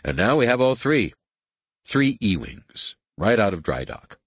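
Sarcastic older captain and father, deep and dry, voiced by a male reader. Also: very animated, measured pace, a bit bright, husky, dry recording, exaggerated voice. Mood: matter-of-fact.

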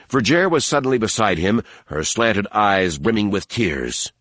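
A man narrating an audiobook in a steady, measured storytelling manner on a close mic. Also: on the low side, no room sound. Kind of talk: scripted narration.

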